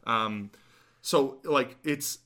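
A man's voice: mid-range voice, drawn-out words, a bit bright. A man co-hosting a podcast, ranting animatedly in casual chat and swearing now and then. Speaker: podcast co-host.

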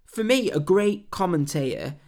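A man hosting a wrestling podcast, giving blunt opinions with swearing and mocking loud shouts. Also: high voice, expressive, moderate pace. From England. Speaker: podcast host.

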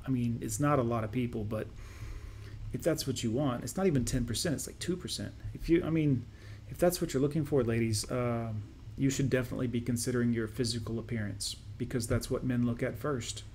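A man's voice: medium pitch, a little fast, a little mellow, slight background noise. Sarcastic man hosting reaction commentary. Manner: sarcastic, dismissive. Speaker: reaction video host. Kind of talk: commentary over played clips.

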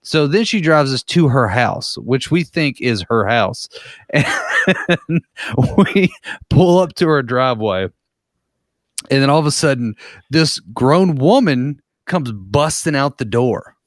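A man tells a story in a loose, rambling way, swearing freely and leaning on filler words. His voice is mid-pitched and recorded dry and close. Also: very animated, slow, no room sound. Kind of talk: casual storytelling.

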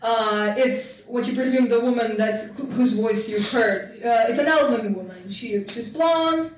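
A woman runs a tabletop game, narrating scenes in a loose, chatty way with plenty of fillers. Her voice is a little high and sits far from the mic in a very echoey room, with faint noise behind it. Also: measured pace. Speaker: game master.

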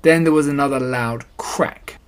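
A reader narrating a children's storybook in a gentle, even telling. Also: medium pitch, moderate pace. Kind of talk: storybook reading.

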